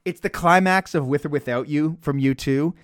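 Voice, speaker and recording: A man hosting a casual podcast, reading listener mail and chatting in an animated, profane way, often laughing mid-sentence. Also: fairly high pitch, normal speed, no echo, clean studio sound. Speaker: podcast host.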